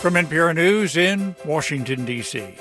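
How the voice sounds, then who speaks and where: A man hosting a national radio news program who introduces stories in a smooth, measured way. His voice sits a little high for a man. Clear music plays underneath. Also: lively intonation. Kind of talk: radio announcing.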